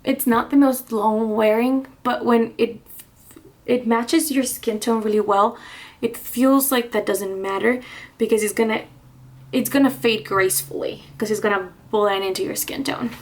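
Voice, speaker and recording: A woman with a somewhat high voice talks casually while doing her makeup, as in a beauty vlog. She rambles, restarts her sentences and laughs softly now and then. She sounds slightly out of breath. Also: fairly even intonation, unhurried. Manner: chatty, rambling, frequent restarts and little laughs. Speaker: beauty vlogger. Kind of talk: casual get-ready-with-me chat.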